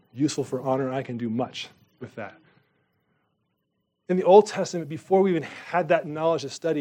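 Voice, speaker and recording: A man's voice: fairly high pitch, a little mellow. A man preaching a sermon in a casual, conversational way, with emphatic rises in his voice. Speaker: pastor.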